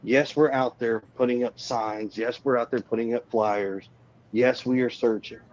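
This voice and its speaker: A man, a parent of a missing child, answering interview questions in a measured, defensive way with emphatic yeses. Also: medium pitch, steady tone, a little mellow, highs cut off.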